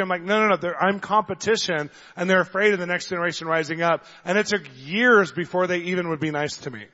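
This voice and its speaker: A man preaching a sermon, telling stories in an animated way, acting out the voices of the people in them and getting loud at times. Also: high-pitched, fast, few pauses. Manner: animated storyteller, acts out voices, gets loud. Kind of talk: sermon with storytelling. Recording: dull long hall reverb.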